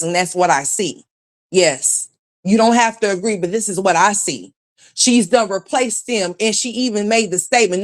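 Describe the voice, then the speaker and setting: A woman hosting a livestream, delivering a blunt, scornful, profane commentary rant and greeting chat viewers by name as she goes. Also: medium pitch. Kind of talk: ranting gossip commentary.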